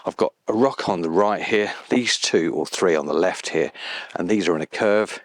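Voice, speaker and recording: A deep-voiced man out on an open moor, talking his camera through a landscape shot. He sounds quietly delighted and sometimes drops almost to a whisper, close to his mic in the still outdoor air. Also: moderate pace, over music. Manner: enthusiastic, softly spoken, at times whispering. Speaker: landscape photographer. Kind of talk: outdoor photography vlog. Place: outdoors beside a loch on a moor.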